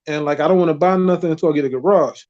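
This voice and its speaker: Man, guest, quick and high-pitched, dull lo-fi call audio, animated slangy chat. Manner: fast, animated storytelling with slang. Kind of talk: casual chat.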